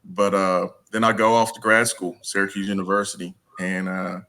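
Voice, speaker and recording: A man telling stories as an interview guest in a casual, animated way, acting out the dialogue. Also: deep voice, normal speed. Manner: animated, acts out dialogue with laughs. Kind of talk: casual storytelling.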